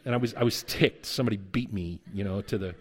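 A man's voice: on the low side, fast, husky. A middle-aged male pastor giving a conversational sermon, telling stories and acting out the dialogue in them. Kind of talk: sermon with storytelling.

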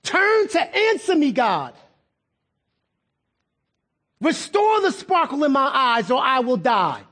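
A male pastor voicing a desperate ancient king pleading loudly with God, in a husky, higher voice. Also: sing-song, moderate pace, exaggerated voice.

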